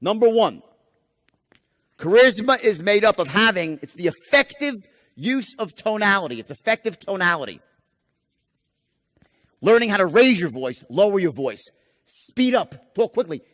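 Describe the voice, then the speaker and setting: A man's voice: high-pitched, fairly bright tone. Man, sales seminar trainer, emphatic, swearing, rhetorical questions, long echoing hall reverb. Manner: emphatic, profane, asks the audience rhetorical questions. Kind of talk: live motivational seminar lecture.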